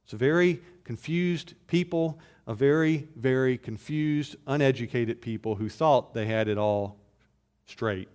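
A man preaching an expository sermon, building from steady explanation to loud emphatic bursts, with frequent restarts. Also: clean tone. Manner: rises to loud emphatic bursts, then drops low and slow; repeats words in restarts. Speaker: pastor.

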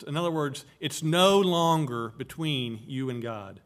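A man's voice: a little high, animated, measured pace, few pauses. A man preaching an expository sermon, explaining Greek words of a Bible verse and stressing key phrases. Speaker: pastor.

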